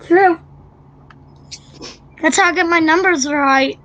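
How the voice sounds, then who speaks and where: A woman's voice: very high voice, slow pace, fairly bright tone. A woman hosting a casual group chat, giggly and rambling. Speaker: host.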